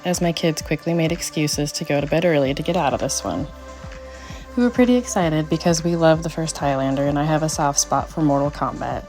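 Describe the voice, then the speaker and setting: A middle-aged woman hosting a podcast, recapping a bad movie with snarky, mocking commentary and sudden high jumps for the jokes. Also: darkish tone. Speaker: podcast host.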